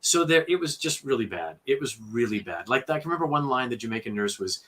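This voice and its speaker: A man who narrates audiobooks, telling studio stories in a lively interview with lots of fillers and restarts. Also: mid-range voice, fast. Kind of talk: conversational storytelling interview.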